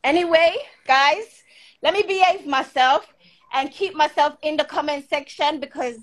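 High-voiced swearing woman. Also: moderate pace. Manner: cursing, confrontational, boastful. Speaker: live-stream host. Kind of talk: heated live-stream argument. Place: at home in the UK.

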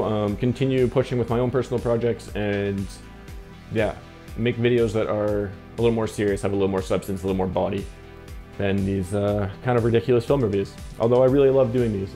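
A man's voice: lowish voice, mellow. A young man rambling casually to camera as he reviews a film stock, cutting himself off and blaming too much coffee. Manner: rambling, self-interrupting, jittery from coffee. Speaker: film photography vlogger.

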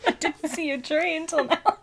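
A woman's voice: very high-pitched, normal speed, vocal fry, a bit bright. A woman who is an ASMR creator, chatting casually and laughing constantly. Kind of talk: casual chat.

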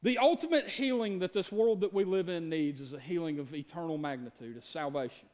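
A man's voice: on the high side, fairly quick, darkish tone. A man preaching a sermon as pastor, telling the story in a folksy, conversational way and talking straight to his congregation.

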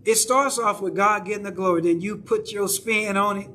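A man's voice: sits high, moderate pace, sharp tone, a little hiss or hum. A male pastor with a Southern accent preaching a sermon in a church, talking conversationally and checking in with the congregation. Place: church sanctuary.

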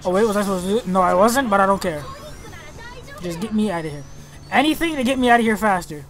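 A young man giving let's play commentary on a video game, excitable and reactive, often exclaiming and swearing. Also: high voice, quick pace. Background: game music.

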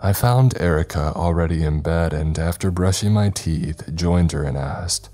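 A man narrating a first-person scary story in a calm, measured, scripted way. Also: deep voice. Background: faint background music.

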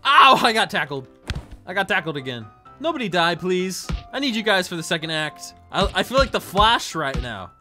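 A man's voice: high voice, very animated, moderate pace, music in the background. A man giving joking, sarcastic let's play commentary as a gaming YouTuber.

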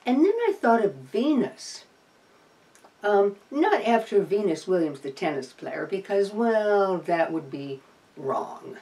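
A woman's voice: mid-range voice, animated, slow pace, a little mellow, slight background noise. A woman chatting to camera with dry, playful humor, sometimes cooing tenderly to her pet opossum. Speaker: opossum rescuer and vlogger. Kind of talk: casual chat to camera. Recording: voice somewhat distant from the mic.

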